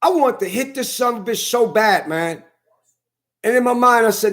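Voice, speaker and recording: Speaking straight to his camera, a male vlogger delivers an angry, heated monologue in a fairly high, slightly bright voice. He's expressive and talks at a moderate pace, cursing constantly and repeating the same points as he vents.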